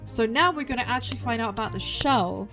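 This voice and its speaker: A young woman streaming a game, thinking aloud in an excitable way and repeating her own phrases as she puzzles things out. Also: on the high side, a little fast, soft background music. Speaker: VTuber streamer. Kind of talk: live game stream commentary.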